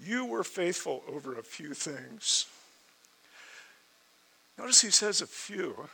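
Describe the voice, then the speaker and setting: A man's voice: sits high, very animated, slow, gravelly, bright, forceful tone, husky, rough recording. A man preaching a sermon verse by verse, asking the listeners rhetorical questions and growing more fervent as he goes. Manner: expository preaching, rhetorical questions, rising in fervor.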